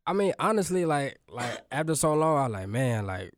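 A man talking casually on a faith talk show, relaxed and hesitant with many fillers. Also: fairly high pitch, fairly quick, dry recording, clean studio sound.

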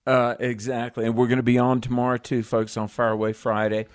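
A man co-hosting a prayer radio show, who speaks in a measured way and leads a closing prayer. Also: medium pitch, monotone, no room sound. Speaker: radio co-host.

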